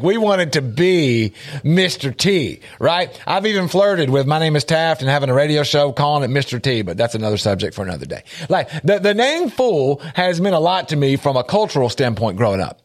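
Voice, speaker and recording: A man teaching a Bible lesson on a talk show, earnest and repeating his points for emphasis. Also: fairly high pitch.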